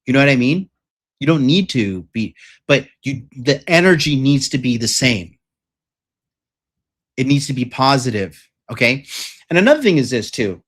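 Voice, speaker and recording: A man's voice: mid-range voice, animated, moderate pace, long pauses, a bit bright, breathy edge. A young man hosting a livestream, talking bluntly and profanely in a rambling way with lots of fillers. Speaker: dating coach host. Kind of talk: livestream rant.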